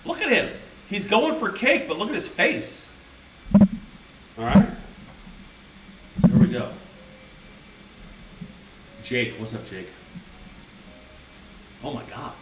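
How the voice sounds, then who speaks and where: Casual streamer who swears through a storybook, slightly high voice, a bit far from the mic. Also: male voice, huge pitch swings, takes it slowly, long pauses, a little hiss or hum. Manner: rambling, crude, mock-outraged asides. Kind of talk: reading a children's book with profane commentary to a live chat. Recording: roomy sound from a distant mic.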